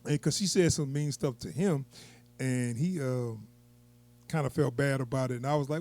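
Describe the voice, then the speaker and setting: A man's voice: mid-range voice, moderate pace, a little mellow. A man giving a casual, unscripted movie review, rambling and chuckling as he goes.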